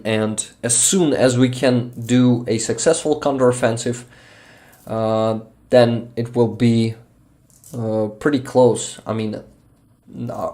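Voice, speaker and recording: A man's voice: mid-range voice, dark tone. Ukrainian-accented man chatting on a livestream. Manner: searches for English words, laughs often. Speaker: livestream host. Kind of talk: casual live-stream chat reading messages.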